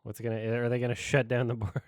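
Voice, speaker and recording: A man hosting a movie watch-along, chatting casually in a relaxed, offhand way. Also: mid-range voice, fast, no room sound, studio quality. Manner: relaxed, offhand, with laughs and fillers. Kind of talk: casual chat.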